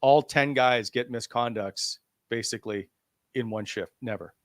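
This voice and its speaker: A man's voice: mid-range voice, a little slow, no room sound, studio quality. A man hosting a hockey talk show, leading the discussion and putting questions to the other panelists. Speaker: sports talk show host.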